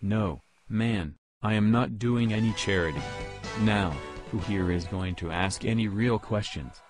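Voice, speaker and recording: A man's voice: lowish voice, unhurried, over music, close to an everyday voice. A man playing a brash basketball star at a press conference, dismissive and full of "yo" and "man", in an amateur comedy skit. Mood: firm. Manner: dismissive, peppers talk with "yo" and "man".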